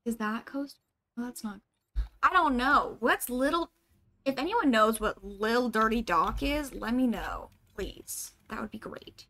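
A woman's voice: on the high side, animated, a little slow, bright, forceful tone. A young woman streamer chatting casually and thinking aloud while she plays a game, with lots of "like" and "um" as she talks. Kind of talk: casual live gameplay commentary.

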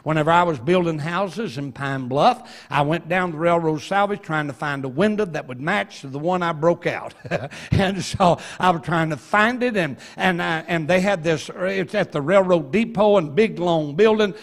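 A man preaching a revival sermon in a church, telling folksy stories with slow emphasis and quick asides. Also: on the high side. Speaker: evangelist. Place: church sanctuary.

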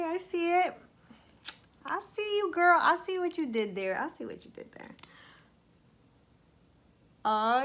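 A young woman vlogger giving a bubbly, playful makeup review, talking straight to her viewers. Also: fairly high pitch. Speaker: beauty vlogger.

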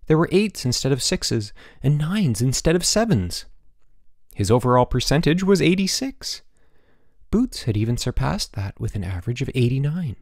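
Lively, expressive male audiobook narrator. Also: medium pitch, moderate pace, no echo, studio quality. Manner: expressive, voices each character. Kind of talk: scripted narration.

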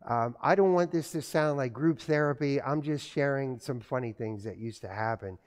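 This middle-aged pastor speaks at a normal speed, his mid-range voice carrying a darkish tone through the echoing church hall. His sermon is built on childhood stories, with family conversations acted out as he goes.

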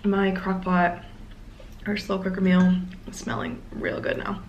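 A woman's voice: fairly low pitch, lively intonation, unhurried, dull audio, a little hiss or hum. A young woman chatting casually through a day-in-the-life vlog at home, rambling and trailing off into little asides. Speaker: vlogger. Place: at home in her apartment. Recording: roomy home recording.

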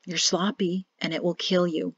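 A woman doing a grave, quiet young man, calm warnings, dull lo-fi sound. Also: measured pace, dry recording, close to an everyday voice. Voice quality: soft, low and hushed. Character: grim quiet young man, cryptic brother. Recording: dull lo-fi dry audio.

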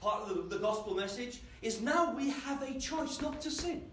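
A man's voice: very high voice, lively intonation, moderate pace, slight background noise. A man preaching a sermon in a church, conversational and often asking the congregation questions. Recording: echoey church from a distance.

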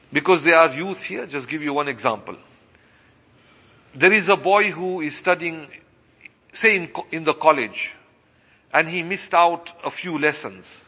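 High bright man preaching in a hall. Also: slightly rough. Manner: asks the audience rhetorical questions and repeats his points. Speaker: imam and preacher. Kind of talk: sermon. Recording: long reverberant hall.

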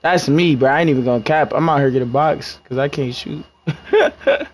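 A man's voice: mid-range voice, fairly even intonation, quick pace. A young man giving frustrated live gameplay commentary, scolding his teammates in heavy slang. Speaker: gamer.

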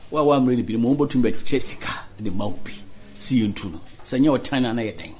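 A Ghanaian politician giving earnest interview answers, mixing Twi and English. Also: male voice, mid-range voice, lively intonation, fast, darkish tone.

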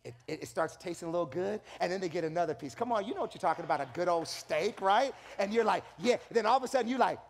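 Male pastor, high voice, lively sermon delivery with acted-out quotes. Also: quick pace, hardly any pauses. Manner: animated storytelling with acted quotes and repeated restarts.

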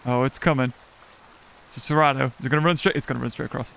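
A man's voice: mid-range voice, steady tone, very fast, gravelly, a bit bright, a little hiss or hum. A man giving casual, chatty commentary while playing a survival game, giggling and talking to the animals on screen. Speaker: gaming YouTuber. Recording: game music behind the voice.

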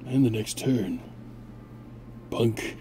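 A man's voice: fairly low pitch, very slow, mellow, slight background noise. A man hosting a gameplay video, chatting casually and barking mock-grand orders at his units with a sarcastic edge.

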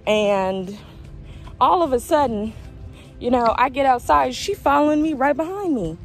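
A woman of twenty-one telling a story in a casual, animated way in a vlog. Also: high-pitched, measured pace, faint music behind, poor audio. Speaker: vlogger.

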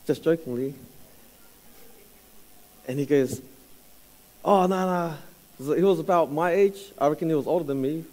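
A man in his thirties with a New Zealand accent, telling a story in a casual, halting sermon with fillers and laughs. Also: fairly high pitch, a little mellow, low-quality recording. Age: 30s. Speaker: church speaker.

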